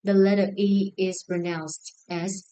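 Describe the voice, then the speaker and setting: A woman with a Vietnamese accent teaching an English lesson, slow and deliberate, spelling out each word and syllable. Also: mid-range voice, little pitch movement, mellow, rough recording. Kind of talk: scripted lesson narration.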